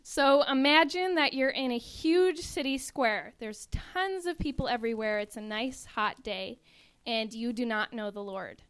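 A woman's voice: a little high, unhurried, fairly bright tone, clear, resonant tone. A young woman, an actress in a touring ministry show, vividly and earnestly describing the show to an audience.

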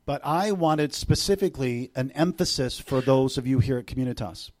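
A middle-aged man delivers a sermon to a church congregation in an ordinary, mid-pitched voice. He is animated, jumping from loud, high bursts down to quiet, close passages. He keeps it conversational, with joking asides to the room. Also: moderate pace. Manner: animated, swings between loud bursts and hushed intimate passages. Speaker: visiting preacher.

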